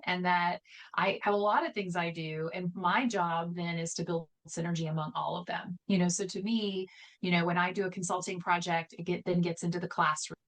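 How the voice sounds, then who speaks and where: A middle-aged woman from Texas, talking energetically as an interview guest, joking often and using many fillers. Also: on the low side. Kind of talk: conversational interview.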